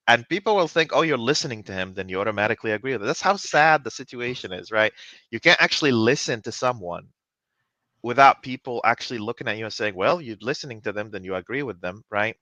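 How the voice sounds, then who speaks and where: A man hosting a casual conversation about software work, emphatic and often checking in with "right?". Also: fairly low pitch, no echo, dull audio. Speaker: host.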